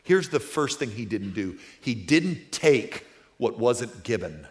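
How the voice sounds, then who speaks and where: A middle-aged male pastor preaching a sermon in a conversational way that swells into forceful emphasis. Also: medium pitch, sing-song, takes it slowly.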